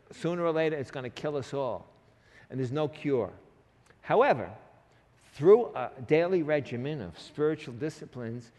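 A man preaches in an earnest, conversational way, pleading with his listeners and breaking into asides. His voice sits a little higher than most men's. It rings out through a large reverberant hall. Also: a little mellow. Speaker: pastor. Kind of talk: sermon.

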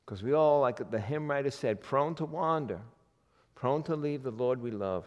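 A man preaching a sermon in a lively, folksy way, acting out quotes as he goes. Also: mid-range voice, normal speed, long reverb tail. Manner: animated, folksy, acts out God's voice in quotes. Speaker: pastor.

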